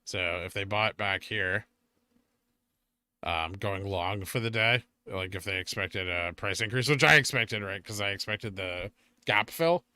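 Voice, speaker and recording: Smooth yet pushed and bright, a man's lowish voice moves at an unhurried pace as he runs a casual livestream. He reads chat questions from viewers aloud and answers them, admitting he's getting tired.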